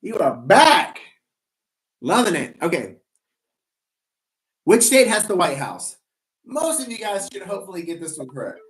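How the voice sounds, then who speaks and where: A man's voice: high-pitched, sing-song, normal speed, pauses often. A man hosting a live trivia game, playful and rambling, teasing himself in asides between questions.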